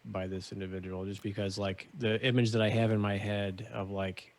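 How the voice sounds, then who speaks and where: A man playing in a tabletop game, speaking in a hesitant, halting way. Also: fairly low pitch, level tone. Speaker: player. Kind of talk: casual chat in a tabletop game.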